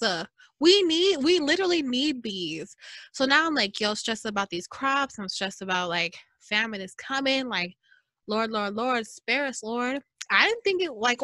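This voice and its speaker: A bright, fairly high-voiced woman with hosts her own podcast in a loose, chatty monologue. She talks expressively and slips into mock-preaching asides. The sound is dry and close, with no room echo. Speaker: podcast host. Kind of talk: casual solo podcast monologue.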